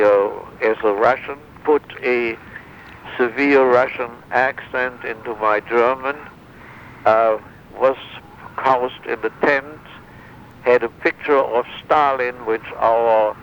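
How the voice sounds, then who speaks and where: An older man, a former wartime interrogator, recounting memories in an interview, halting with many fillers and restarts. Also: medium pitch, fairly bright tone. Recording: dull lo-fi sound with faint noise.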